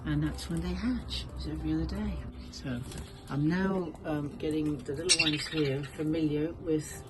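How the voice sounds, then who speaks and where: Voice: mid-range voice, fairly even intonation, normal speed. A bird keeper chatting casually in a vlog, coaxing the budgies in a fond baby-talk tone. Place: outdoor aviary on a windy day. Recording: loud wind noise outdoors. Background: budgies chirping.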